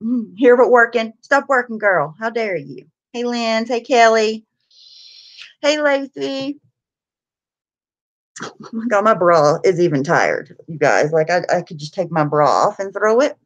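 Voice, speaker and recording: A woman's voice: mid-range voice, expressive, measured pace, long pauses, lo-fi sound. A tired woman talks casually on her live stream, greeting viewers one by one and chatting. She laughs easily and keeps a loose, gossipy tone.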